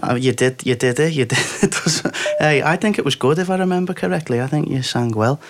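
A man's voice: on the high side, a little fast, slight background noise. A man hosting a radio call-in show, chatting casually and joking with a caller. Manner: chatty, jokey, swears lightly. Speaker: radio host.

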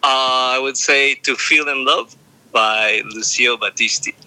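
A man's voice: medium pitch, fairly even intonation, measured pace, bright, forceful tone, no room sound, rough recording. A man calling in to a radio show, earnest and giggly, laughing often as he talks. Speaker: caller. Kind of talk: phone-in chat.

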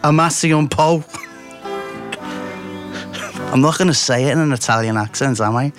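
Jokey Scouse radio host. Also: male voice, mid-range voice, moderate pace, music in the background. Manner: jokey, chummy, calls people mate. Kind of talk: casual radio chat with a caller.

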